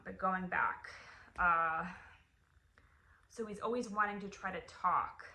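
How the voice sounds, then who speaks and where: A young adult woman, a mother, talking through a personal update vlog in an emotional, halting way with many restarts and fillers. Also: lowish voice, sharp tone, roomy sound, slight background noise. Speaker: vlogger and mother.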